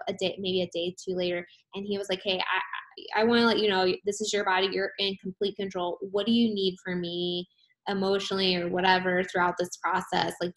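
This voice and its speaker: A young adult woman hosting a podcast, telling stories in a chatty, animated way. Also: medium pitch. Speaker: podcast host. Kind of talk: casual conversation.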